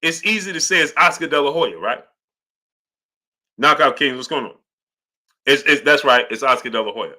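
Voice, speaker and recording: Hosting a live stream about boxing, a man reads super chats aloud and makes his case, constantly checking in with "right?". His mid-range voice moves at a moderate pace with frequent pauses, and his manner is animated and repetitive.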